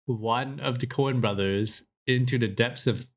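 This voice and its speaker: A man's voice: medium pitch, a little slow. A man co-hosting a film podcast in casual chat, giggly and self-deprecating. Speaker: podcast co-host.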